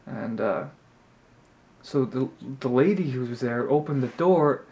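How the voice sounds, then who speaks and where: A man's voice: expressive, a little slow, a little mellow. A young man telling a story to his camera from his apartment, chatty and exasperated, rambling through the details. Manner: chatty, rambling, exasperated, mimics others in a high voice. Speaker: vlogger. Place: apartment room at night. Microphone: camera mic.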